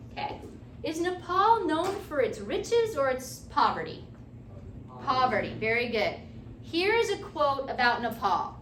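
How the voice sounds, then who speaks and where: High bright woman teaching a class. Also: very animated, unhurried, slight background noise. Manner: checks in with students often. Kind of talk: classroom lecture. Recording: echoey classroom from far off.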